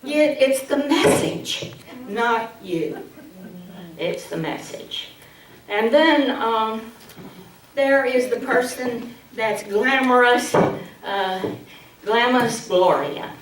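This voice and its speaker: A woman's voice: a little high, lively intonation, very slow. Playful woman trainer in a roomy hall. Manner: filler-heavy, playful, acts out bad speaker types. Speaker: public speaking trainer. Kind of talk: training session talk. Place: large hall. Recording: echoey hall from far off.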